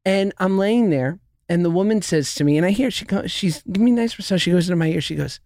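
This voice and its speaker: A man with a high voice tells a rambling, comic story on a podcast, laughing as he goes. The sound is dry and close, with no room around it. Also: fast talker, darkish tone, no echo. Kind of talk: casual comedic chat.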